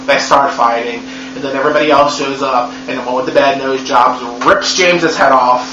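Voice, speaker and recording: A man's voice: mid-range voice, steady tone, a little fast. A man giving a comedic movie recap in a profane, sarcastic, rambling way. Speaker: movie reviewer. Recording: echoey room, dull lo-fi sound with hum.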